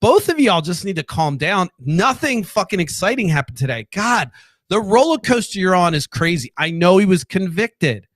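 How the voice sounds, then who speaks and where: A sarcastic man rants loosely to his viewers, swearing freely and wandering off on tangents. His voice sits a bit higher than most men's. The sound is close and dry, with no room around it. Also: big pitch swings, normal speed, no echo. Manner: profane, rambling, sarcastic. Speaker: political commentary host. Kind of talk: casual solo rant to camera.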